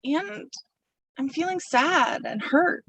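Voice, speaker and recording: A woman's voice: sits high, expressive, takes it slowly, fairly bright tone, no room sound, distant mic, poor audio. A woman delivering a sermon from a pulpit, reflective and personal, speaking her feelings aloud as she works through them. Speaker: minister.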